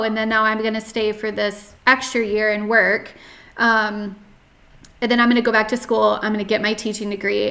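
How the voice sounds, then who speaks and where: A chatty young woman from North Carolina, her voice a touch high and fairly bright, appears as a podcast guest. In a casual interview sharing a personal story, she uses lots of fillers, restarts and "like."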